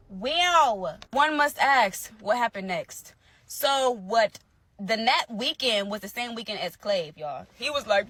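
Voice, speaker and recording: A young adult woman telling a personal story in a casual, animated way to her followers. She repeats phrases for emphasis. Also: mid-range voice, a little slow, no echo. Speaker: storyteller in a social media clip.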